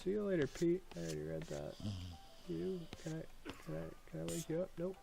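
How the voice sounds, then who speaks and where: Cast note: young gamer guy, rambling let's-play commentary, slightly higher voice. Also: level tone, fairly quick, creaky, dark tone. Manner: jokey, rambling asides. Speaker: gaming video host. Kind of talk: let's play commentary, reading game text aloud.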